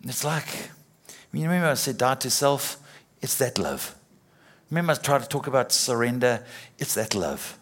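A middle-aged man preaching in a loose, chatty way, repeating words as he builds a point. His voice is slightly husky and sits at an ordinary middle pitch for a man. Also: animated, moderate pace, fairly bright tone. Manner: conversational, with repetitions and playful acted quotes. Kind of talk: sermon.

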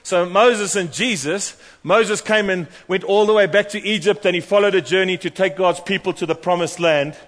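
A man preaching a sermon, animated and storytelling, acting out the voices of the people in his stories. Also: high-pitched, normal speed, hardly any pauses. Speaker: pastor. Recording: long hall reverb.

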